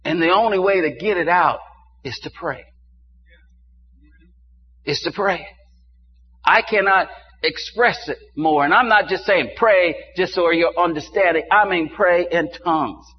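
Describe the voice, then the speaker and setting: Older male pastor, sermon delivery, quiet asides building to fervent exclamations; lo-fi church recording. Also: high-pitched, moderate pace, husky. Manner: preaching to a congregation, swings from quiet to rising exclamations. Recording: dull muffled sound with faint hum.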